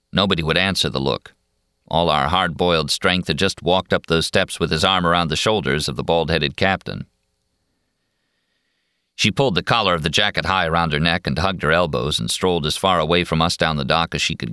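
A man narrating a novel in a steady, measured storytelling voice. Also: low-pitched, smooth, no echo, clean studio sound. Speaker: audiobook narrator. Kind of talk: scripted narration.

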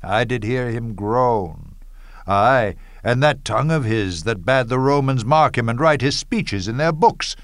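An actor playing Cassius, a bitter, scheming Roman nobleman, reading Shakespearean verse in a measured, declamatory way with bursts of scorn. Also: medium pitch, lively intonation, dry recording, clean studio sound. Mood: scornful.

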